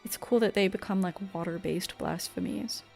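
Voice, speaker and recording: A young woman gaming streamer chatting casually through her play, exclamatory and quick to laugh. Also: on the low side, creaky, a little mellow, soft background music. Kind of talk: casual gameplay commentary.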